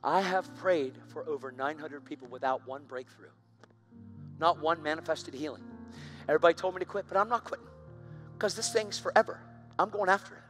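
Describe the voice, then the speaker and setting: High, bright-voiced intense male preacher. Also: a little fast, soft background music. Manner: intense, earnest, emphatic. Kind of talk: live sermon with dramatic storytelling. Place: church service on stage.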